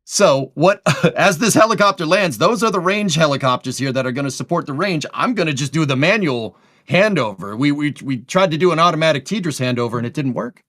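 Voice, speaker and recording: A man's voice: fairly high pitch, animated, fairly quick, fairly bright tone. A man co-hosting a live stream, casually handing over to the next host.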